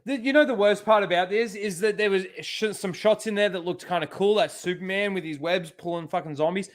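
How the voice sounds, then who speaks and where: A man talking loosely on his own livestream, his voice sitting a little higher than most men's. He rambles through asides and fillers and drops a swear word now and then. The talk is casual reaction commentary, loose and unscripted. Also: brisk, faint music behind. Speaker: channel host.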